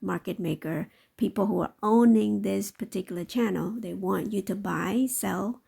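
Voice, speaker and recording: A woman giving sarcastic, skeptical reaction commentary over a news clip, halting and full of fillers. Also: mid-range voice, gravelly, mellow, breathy edge. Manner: halting, with many fillers and asides. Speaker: stock market commentator.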